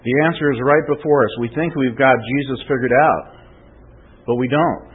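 Male pastor, husky delivery, chatty sermon with emphatic swells, tinny narrow recording. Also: medium pitch, normal speed. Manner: conversational, rising to emphatic preaching, frequent "okay?" and "right?".

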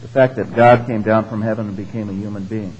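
Male preacher, husky tone, casual teaching sermon with lots of check-in questions, muffled lo-fi recording. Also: lowish voice, steady tone, quick pace, a little mellow. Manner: conversational teaching, frequent "all right?" and "okay?" tags; asks the congregation questions. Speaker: pastor.

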